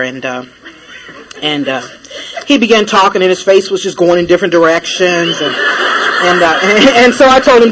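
Woman speaker, personal story, animated, laughs often, many fillers, noisy recording. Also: mid-range voice, moderate pace. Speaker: traveling speaker.

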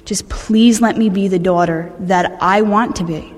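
A woman's voice: mid-range voice, fairly even intonation, unhurried. A woman giving a personal recovery testimony, speaking candidly and conversationally, often restarting her sentences. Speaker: speaker sharing a recovery story. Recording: long reverb of a large hall.

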